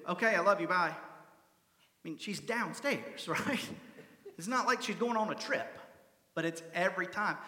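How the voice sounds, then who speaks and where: Middle-aged male pastor, chatty sermon delivery, high bright voice, roomy church reverb. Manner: conversational, asks the congregation "right?" often. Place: church sanctuary. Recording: echoey church hall.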